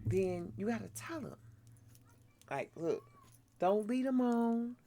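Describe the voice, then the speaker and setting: A woman's voice: mid-range voice, expressive, unhurried, gravelly, pauses often, mellow. A middle-aged woman hosting her own channel, telling a frank, blunt story in casual chat while doing her skincare. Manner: frank, blunt, laughs often. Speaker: vlogger host.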